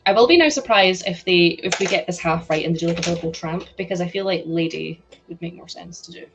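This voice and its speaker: A young woman hosting a live stream, chatting excitedly and laughing as she builds a toy set. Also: on the low side, quick pace, over music. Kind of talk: casual chat while building a toy set.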